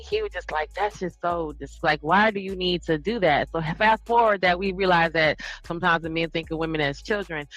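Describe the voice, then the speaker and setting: A woman in a casual live-stream chat, an animated storyteller who acts out the voices of the people she quotes. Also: fairly low pitch, no room sound, poor audio.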